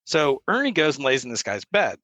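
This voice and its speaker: A man's voice: mid-range voice, fairly quick, dry recording, poor audio. A man, a podcast guest telling stories in casual chat and acting out the lines of the people in them. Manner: animated storyteller who acts out the quoted lines.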